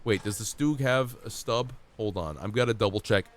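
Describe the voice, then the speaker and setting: A man streaming a game while sick with a cold, chatting in a playful, excitable way and coughing now and then. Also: lowish voice, moderate pace. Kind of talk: casual live-stream gameplay chat.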